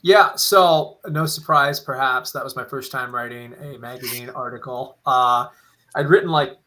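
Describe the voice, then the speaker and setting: A man's voice: medium pitch, moderate pace, bright, forceful tone, a little hiss or hum, rough recording. A man who is a guest on a podcast, telling self-deprecating stories in a jokey, casual way. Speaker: podcast guest and magazine contributor.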